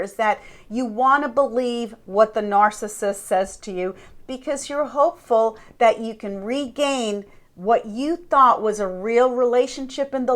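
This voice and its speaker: A woman coach delivers a slow, deliberate teaching talk. Her voice sits a little high, and she leans on rhetorical questions to draw her listeners in. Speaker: Christian life coach.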